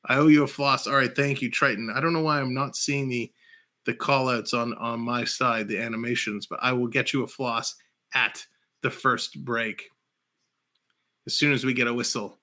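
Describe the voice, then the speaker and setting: A man hosting a casual live-stream of hockey play-by-play and chat, who bursts into shouts on big plays. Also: mid-range voice, fairly even intonation, moderate pace.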